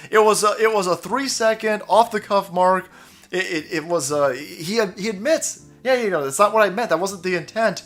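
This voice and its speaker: A commentary channel host with a high-pitched, expressive, fairly bright voice rants about politics at a normal speed, sarcastic and mocking. He swears often, mimics others in exaggerated voices and laughs between lines, with faint music behind him.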